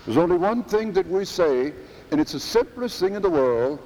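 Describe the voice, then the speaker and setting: A man preaching a sermon in a church, slow and emphatic, repeating phrases for stress. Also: high-pitched, expressive, dark tone, long reverb tail, low-quality recording.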